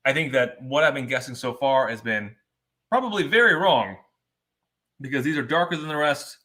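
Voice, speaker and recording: A man's voice: medium pitch, normal speed. A man co-hosting a live whiskey tasting, talking in casual, joking banter. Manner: joking, animated and talkative.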